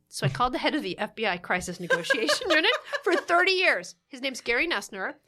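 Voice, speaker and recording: A woman telling a story in relaxed podcast conversation. She talks with quick asides and plays out quoted lines as she goes. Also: medium pitch. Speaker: guest telling a marriage story. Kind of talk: casual podcast chat.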